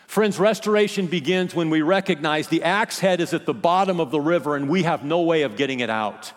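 A man preaching a sermon as a pastor, with impassioned delivery that swings between loud emphasis and hushed, quiet phrases. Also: fairly high pitch, fairly quick, few pauses, in a large hall. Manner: impassioned preaching, rising and dropping to near-whispers.

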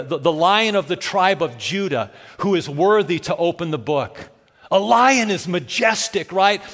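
Emotional preacher in a reverberant hall. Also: male voice, high voice. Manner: animated storytelling, turning soft and emotional. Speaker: pastor. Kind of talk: sermon.

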